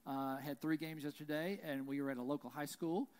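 A man, a pastor, preaching a conversational sermon, often tagging his points with "right?" and telling lively stories. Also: on the high side, a little fast. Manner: conversational, frequent "right?" tags, animated storytelling. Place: church.

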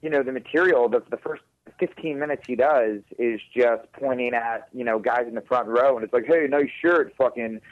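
A man's voice: medium pitch, steady tone, brisk, no room sound, narrow, tinny audio. A man who does stand-up comedy, talking casually in an interview, rambling, swearing and often laughing.

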